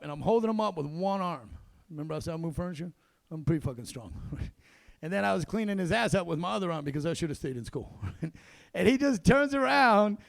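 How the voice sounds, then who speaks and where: A middle-aged man performs stand-up in a comedy club, telling gruff, self-deprecating stories peppered with quick asides. His voice is fairly high, with no echo.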